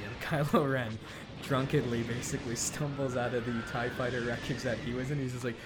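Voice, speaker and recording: A man casually retelling a film story as a podcast co-host, laughing often and tossing in quick character quotes. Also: mid-range voice, flat delivery, over loud music. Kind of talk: casual animated storytelling chat.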